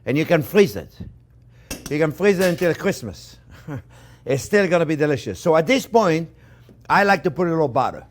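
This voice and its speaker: A French-accented man cooks and talks in a kitchen, chatting to his viewers as friends. His pitch swings up and down all the time. He repeats his points in a loose, talkative way. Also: very animated, normal speed, pauses often, slight background noise. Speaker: chef. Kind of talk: cooking demonstration.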